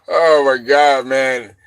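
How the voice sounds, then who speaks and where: Bright talky guy hosting a live chat, laughs a lot, dry close sound. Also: medium pitch, no room sound. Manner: rambling, laughs often, shouts quoted reactions. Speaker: show host. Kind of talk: casual live-stream chat.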